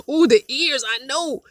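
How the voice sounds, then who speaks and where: Sitting in her van, a middle-aged woman with a high voice hosts a live chat as a vlogger. She chats casually and tells lively stories between bursts of laughter, recorded in a dry, clean studio sound.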